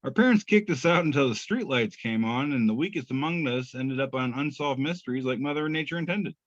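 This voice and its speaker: A podcast co-host reads memes aloud in a laid-back, chuckling, self-deprecating way. His mid-range voice has lively intonation and a slightly fast pace. The dry podcast audio has no room sound and is slightly muffled.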